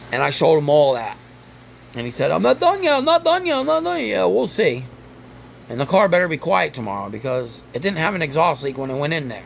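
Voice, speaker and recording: A man's voice: on the high side, gravelly, a bit bright, slight background noise. A man hosting his own car vlog, rambling and ranting casually with frequent swearing. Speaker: car vlogger.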